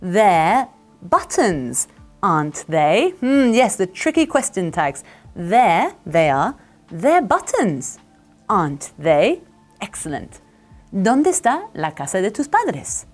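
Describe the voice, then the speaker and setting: A woman teaches English to camera at an unhurried pace, her pitch rising and falling a lot as she drills words. She repeats each phrase slowly and praises the listener. Faint music sits underneath. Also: big pitch swings, a little mellow.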